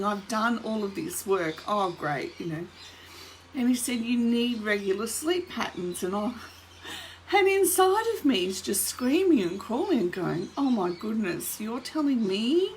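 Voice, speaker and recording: A woman's voice: medium pitch, a little hiss or hum, poor audio. Middle-aged woman telling her own story. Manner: candid storytelling, acting out her own inner voice; frequent light laughter. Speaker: trauma recovery educator. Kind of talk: personal talk to camera.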